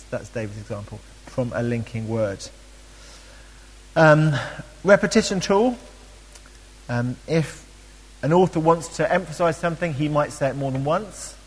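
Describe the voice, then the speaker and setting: A man teaching a Bible study, chatty and animated, with frequent ums and playful asides. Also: medium pitch, big-room sound, a little hiss or hum, poor audio.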